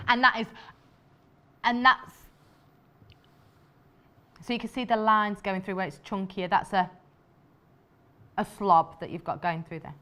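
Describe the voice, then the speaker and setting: A British woman hosts a live shopping channel show about fabrics. She chats enthusiastically and fills her talk with asides and fillers. Her voice sits at an ordinary middle pitch. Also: a little slow, pauses often, fairly bright tone. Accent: British English. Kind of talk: live sales presentation.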